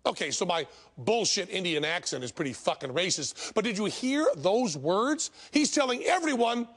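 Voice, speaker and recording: A man's voice: high voice, very animated, moderate pace, fairly bright tone, breathy edge. A man hosting and narrating a comic documentary in a sarcastic, profane way. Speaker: host and narrator.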